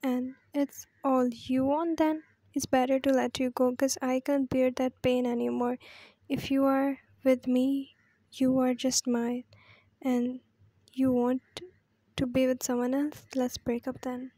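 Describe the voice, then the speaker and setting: A woman voicing a jealous, heartbroken young girlfriend in a fan story she reads aloud, with plain, halting delivery. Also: sits high, level tone, mellow, no echo. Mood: resolved.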